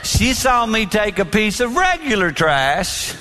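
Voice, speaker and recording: A man's voice: high-pitched, very animated, a little slow, pushed and bright, soft background music. A man preaching about marriage, telling humorous, self-mocking stories before turning reflective. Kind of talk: humorous storytelling sermon. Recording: long hall reverb.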